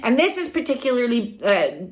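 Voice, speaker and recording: A woman's voice: on the high side, normal speed. A middle-aged woman spiritual coach talking casually, acting out little scenes and quoted voices as she teaches. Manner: animated, acts out quoted people.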